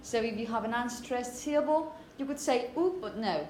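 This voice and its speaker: A woman teaching phonetics to a class, saying example words slowly and often asking "okay?". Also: on the high side, a little mellow, a little hiss or hum. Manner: repeats words slowly to model pronunciation; asks "okay?" often to check understanding. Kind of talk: classroom lecture.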